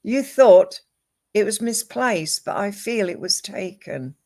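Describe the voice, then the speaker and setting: Woman medium, unhurried delivery, mid-range voice, names and images offered one by one. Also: medium pitch, lively intonation. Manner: slow, measured, listing names and images one by one. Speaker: psychic medium. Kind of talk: live psychic reading.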